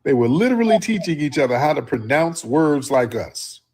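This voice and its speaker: Guy hosting a livestream, husky voice, swings his pitch all over, cussing and drawling. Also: normal speed. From Houston, Texas. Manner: animated, drawling, profane banter. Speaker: livestream host. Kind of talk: casual livestream chat.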